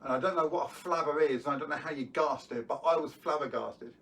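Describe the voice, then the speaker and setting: A man's voice: on the high side, fast, a bit bright. A middle-aged man doing magic tricks and telling self-deprecating stories in chatty live patter. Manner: chatty, self-deprecating storytelling with filler words. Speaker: magician performer. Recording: distant mic, faint room noise.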